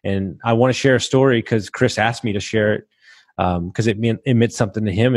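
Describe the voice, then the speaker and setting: Man in his 30s, podcast host, low pitch, dry sound, rambling and raw, swears, for a confessional chat. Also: fairly even intonation, no echo. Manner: rambling, halting, swears freely. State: emotional at times. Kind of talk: candid personal storytelling.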